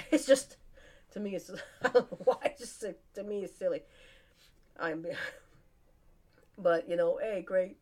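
A woman's voice: mid-range voice, takes it slowly, long pauses, darkish tone. A woman hosting her podcast, chatting casually, rambling and laughing often. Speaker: podcast host. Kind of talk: casual solo chat.

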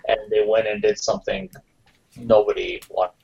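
A man's voice: on the low side, flat delivery, moderate pace, gravelly, a little mellow. Hesitant man on a dull lo-fi line. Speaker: podcast co-host. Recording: dull lo-fi audio.

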